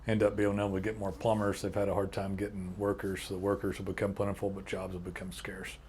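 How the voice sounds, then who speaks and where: Brief: podcast host, man, lowish voice, blunt and emphatic. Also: monotone, quick pace, darkish tone, slight background noise. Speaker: podcast host and agency owner. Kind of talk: casual business chat.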